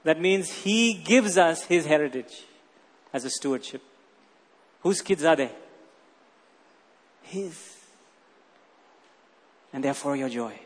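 A man's voice: on the high side, slow, pauses often. A man preaching a sermon as pastor, emphatic and acting out quoted voices. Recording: long hall reverb.

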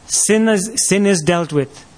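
High-voiced man preaching a sermon. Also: slow pace, a little mellow. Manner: rhetorical questions, rising emphatic delivery.

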